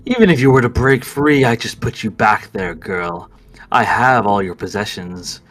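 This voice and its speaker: A man voicing a playful male villain who calmly taunts his captives. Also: lowish voice, moderate pace, low-quality recording. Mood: taunting. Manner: calm, taunting, theatrical.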